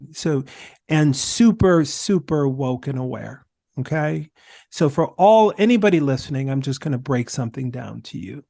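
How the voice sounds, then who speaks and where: A man speaking as a podcast guest, telling stories in an emphatic, animated way. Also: medium pitch, vocal fry, no echo, clean studio sound. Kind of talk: conversational discussion.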